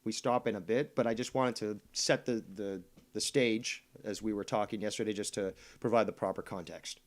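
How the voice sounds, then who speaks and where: A man's voice: lowish voice, fairly even intonation, normal speed. A man casually commenting on a livestream, mocking someone and hesitating with fillers and restarts. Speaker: streamer commenting on clips.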